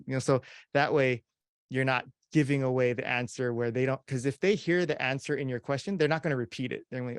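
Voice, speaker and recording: A man's voice: medium pitch, brisk, clear, resonant tone, no echo, studio quality. A man in his forties giving casual, chatty instructional talk on interviewing, full of fillers and acted-out quoted voices. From Hawaii. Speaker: video production instructor.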